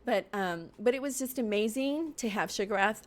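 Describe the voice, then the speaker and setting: A woman hosting a live-streamed podcast, telling a story in an animated way and laughing often. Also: mid-range voice, moderate pace. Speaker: host. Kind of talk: livestream podcast chat.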